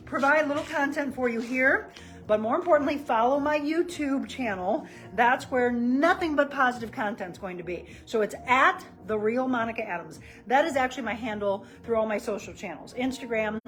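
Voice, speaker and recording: On a live stream, a personal trainer and life coach from the St. Louis area of Missouri chats casually while showing exercises. She is middle-aged with a slightly high voice, captured on a low-quality recording.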